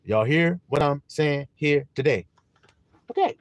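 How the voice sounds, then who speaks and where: A male preacher delivering a sermon in an animated, emphatic way with casual profanity. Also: fairly high pitch, measured pace, no room sound.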